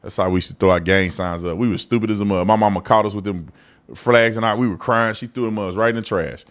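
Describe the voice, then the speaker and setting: A man's voice: on the low side, fairly even intonation, fast talker. A man from Texas with a Texan accent, hosting a live political commentary show in a blunt, mocking, slangy way. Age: adult. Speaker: host.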